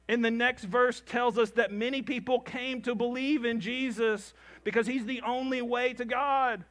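A pastor preaching with a high, bright voice. He is animated and drives his points home by repeating short phrases. He also acts out the people in his stories. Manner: calls the congregation "gang". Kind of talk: sermon.

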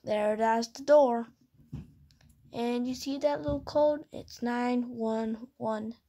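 A woman's voice: a little high, takes it slowly, warm tone. A woman voicing toy figures in a playful stop-motion play, switching between characters in dialogue.

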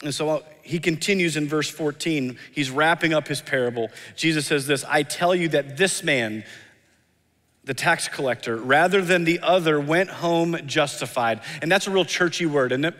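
A male pastor delivers an earnest sermon, driving his points home by repeating them. His voice sits a little high. The sound carries a long reverb from the church sanctuary. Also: normal speed, a bit bright. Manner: earnest, acts out quoted voices, emphatic repetition.

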